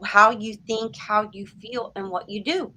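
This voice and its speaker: A woman's voice: mid-range voice, steady tone, unhurried, bright, forceful tone, a little hiss or hum, poor audio. A woman with a mid-range voice hosts an interview. She speaks earnestly and reflectively and favors spiritual phrasing. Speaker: interview host. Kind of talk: casual interview talk.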